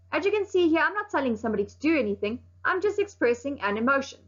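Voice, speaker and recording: High-voiced teacher, slow clear explaining. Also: female voice, sing-song. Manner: clear, explaining slowly with firm emphasis. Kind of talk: recorded online lesson. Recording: dull lo-fi sound.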